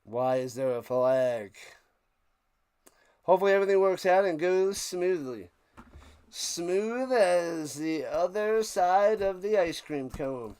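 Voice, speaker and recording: It's casual live sports commentary: a stream host narrates an American football game play by play, with humorous, meandering asides. His voice is high, smooth and darkish, slow but lively in intonation.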